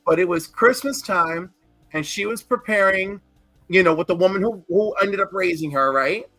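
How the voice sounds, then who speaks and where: A man's voice: high-pitched, moderate pace, pushed and bright, no room sound, soft background music. A man in casual podcast chat, telling a long personal story in a rambling, earnest way and swearing freely. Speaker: podcast co-host.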